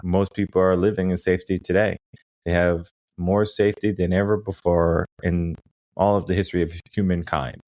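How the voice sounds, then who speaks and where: A man with a very low voice hosts a coaching podcast, talking in an emphatic, motivational way. He drives his points home with rhetorical questions. The recording is dry and close, with no room sound. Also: little pitch movement, normal speed, darkish tone, dry recording. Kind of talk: motivational conversation.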